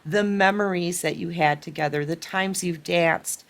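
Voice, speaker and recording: A woman's voice: lowish voice, normal speed. Tarot reader woman, emotional delivery. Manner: emotional, acts out quoted pleas. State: tearful at times. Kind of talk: collective tarot reading.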